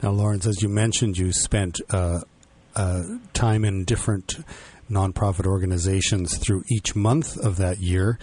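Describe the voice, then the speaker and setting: A man hosting a radio interview, asking his guest prepared questions in a measured, deliberate way. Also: sits low, fairly even intonation, darkish tone.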